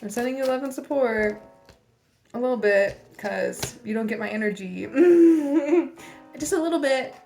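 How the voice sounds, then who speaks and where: A woman's voice: a little high, normal speed, gravelly, soft background music. Blunt, swearing woman giving a reading. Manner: blunt, swearing, teasing tough love with laughs. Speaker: tarot reader. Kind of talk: casual spiritual reading to camera.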